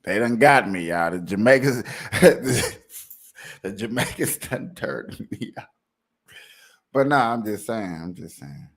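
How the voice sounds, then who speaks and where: Host: man, animated joking riffs, voice swings widely in pitch. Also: takes it slowly, vocal fry. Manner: animated, joking, laughing often. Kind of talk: casual comedic commentary.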